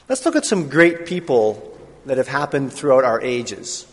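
A male pastor preaching a sermon in a relaxed, conversational way, with pauses and fillers. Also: mid-range voice, husky. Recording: long reverb of a large hall.

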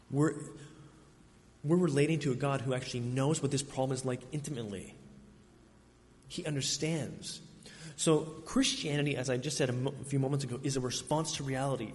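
A man preaching a sermon, earnest and emphatic, with dramatic pauses between phrases. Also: medium pitch, darkish tone. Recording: reverberant hall, faint ambient noise.

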